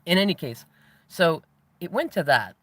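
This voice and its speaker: A man around forty, hosting his own show, tells a story in a reflective, spiritual monologue. He is animated and laughs often as he talks. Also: on the high side, moderate pace, no echo. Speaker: host.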